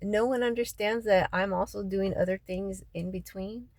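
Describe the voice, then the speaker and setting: A woman, crying as she vents in a raw, profane personal rant, her voice often sinking low and quiet. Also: steady tone, normal speed, no room sound, rough recording. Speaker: local resident venting after a city meeting. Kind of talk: emotional personal vlog rant.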